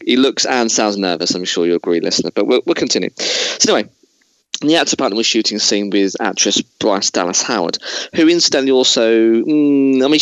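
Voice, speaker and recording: A man's voice: lowish voice, fairly bright tone, dry recording, lo-fi sound. Chatty man hosting, dry sound. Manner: chatty, digressive, many restarts. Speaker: podcast host. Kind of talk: casual chat.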